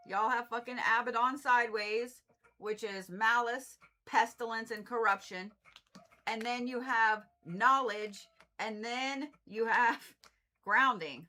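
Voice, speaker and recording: A woman doing a casual livestream card reading, blunt and animated, swearing freely and repeating herself for emphasis. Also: a little high, takes it slowly, pauses often. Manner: animated, exasperated asides. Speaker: Reiki and zodiac card reader.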